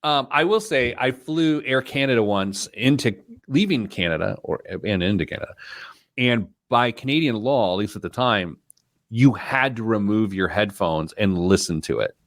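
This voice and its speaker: A man's voice: fairly low pitch, expressive, moderate pace, no echo, clean studio sound. A man hosting a radio show, chatting casually with a co-host and joking at his own expense. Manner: joking, self-deprecating banter. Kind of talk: casual chat. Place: radio studio.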